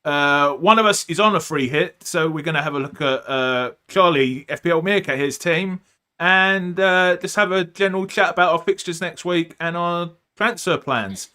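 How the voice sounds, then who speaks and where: Man, podcast host, casual rambling chat, bright tone, slightly high voice. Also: moderate pace. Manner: chatty, joking, lots of ums and uhs.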